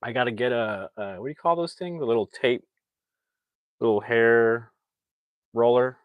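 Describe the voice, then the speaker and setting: A man casually recapping a movie plot, talking excitably and restarting his sentences often. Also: mid-range voice, normal speed, dry recording, narrow, tinny audio. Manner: rambling, excitable, frequent restarts and "like". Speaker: movie reviewer.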